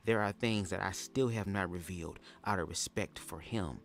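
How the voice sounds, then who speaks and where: A man hosting a casual livestream reaction chat, sassy and profane, telling stories and leaping into high-pitched impressions. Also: normal speed, a bit bright. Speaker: livestream host.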